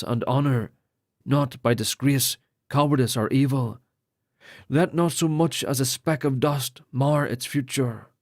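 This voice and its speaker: A man's voice: mid-range voice, a little mellow, no room sound, clean studio sound, lightly acted. A man voicing a solemn male lord who speaks formally while ordaining priests. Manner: formal ceremonial speech.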